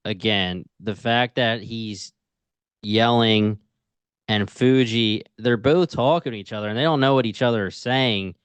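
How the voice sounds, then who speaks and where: A man co-hosting a casual TV review podcast, retelling scenes in an animated, slangy way. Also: fairly low pitch, measured pace, smooth, dry recording. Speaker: podcast co-host.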